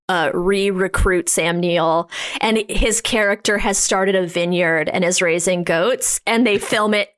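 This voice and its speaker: A woman's voice: fairly low pitch, fairly bright tone. A woman guest, a horror writer, chatting playfully and laughing often. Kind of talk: casual chat.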